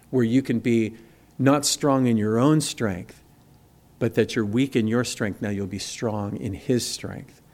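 A man preaching with a conversational warmth in his delivery and a mid-range voice. He asks the congregation rhetorical questions, then slows right down to lean into the scripture he reads aloud. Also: mid-range voice. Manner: slows to stress scripture quotes. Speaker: pastor. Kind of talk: sermon.

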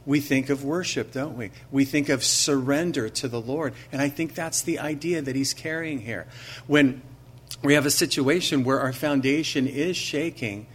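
Male pastor, mid-range voice, conversational sermon, leans on rhetorical questions, slows for emphasis. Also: medium pitch, breathy edge. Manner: earnest, slows down to stress key phrases.

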